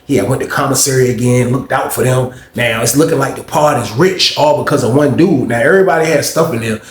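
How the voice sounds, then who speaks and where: A man's voice: medium pitch, fast talker. A young man telling a rambling, slangy story in a casual way, tossing in "man" and "you know what I mean" often. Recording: roomy echo with faint background noise.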